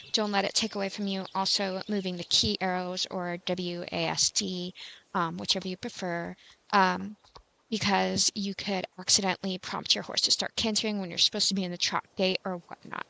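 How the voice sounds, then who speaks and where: Woman host for a casual game tutorial: bright tone, a bit of fry, rambling and self-mocking. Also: mid-range voice. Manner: rambling and chatty, with filler words.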